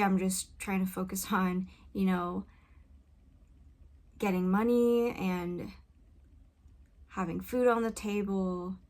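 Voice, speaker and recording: A woman's voice: medium pitch, darkish tone. A woman musician talking reflectively in a personal vlog, hesitant and searching for her words, recorded on a studio mic in a home vocal booth. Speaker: musician and video creator. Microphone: studio condenser mic with pop filter.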